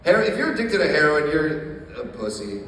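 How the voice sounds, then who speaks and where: A man tells dark, deadpan stand-up jokes to a tiny crowd in a coffee shop, swearing freely. His voice sits a little high. He sounds distant, with a long echo from a hard room and a faint hiss behind him. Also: a little fast. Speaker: stand-up comedian. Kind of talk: stand-up set. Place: small coffee shop stage.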